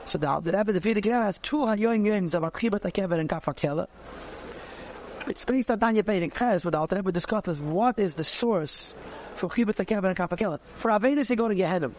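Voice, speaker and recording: Man, rabbi teaching a class, high voice, lively, acts out dialogue, faint noise behind. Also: quick pace. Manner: animated, acts out dialogue, repeats phrases while searching for words. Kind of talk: conversational Torah class.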